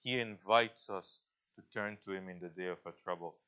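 A male pastor preaching a sermon in an earnest, halting way, often restarting his sentences. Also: low voice, sharp tone. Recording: dull lo-fi recording.

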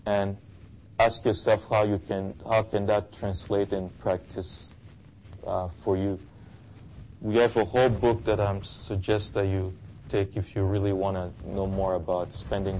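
A man's voice: lowish voice, mellow, low-quality recording. A male pastor preaching an earnest sermon and leading fervent prayer.

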